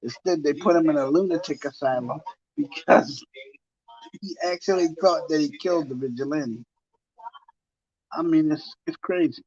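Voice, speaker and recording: A man's voice: a little high, moderate pace, pauses often, darkish tone, breathy edge. Rambling man telling a story. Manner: rambling, repeats himself, many fillers. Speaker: TV talk guest telling a story. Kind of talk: casual anecdote storytelling. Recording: muffled lo-fi sound.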